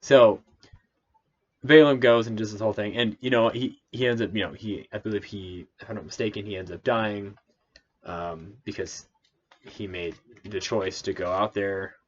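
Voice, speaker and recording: A man with a somewhat low voice reads a Bible passage aloud, then drifts into amused, rambling commentary full of asides and self-corrections. The recording is dull and lo-fi. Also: steady tone, normal speed, slight background noise. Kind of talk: casual Bible reading and commentary.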